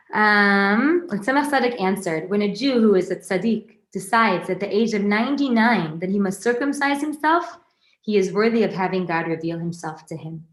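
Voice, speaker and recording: A woman with a medium-pitched voice leads an informal Torah class in a lively, conversational way. She often restarts sentences and adds asides to her listeners, and the recording sounds roomy and echoey.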